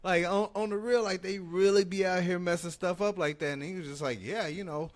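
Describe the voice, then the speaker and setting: A man hosting a casual podcast, telling stories in an animated way and mimicking other people's voices. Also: high-pitched, brisk. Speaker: podcast host.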